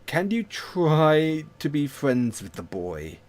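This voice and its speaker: Man doing awkward pushy dad neighbor, game voice, lifted pitch, leans in. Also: very animated, slow pace. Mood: pleading. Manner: pushy and pleading, raised and bright. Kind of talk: reading a game character aloud.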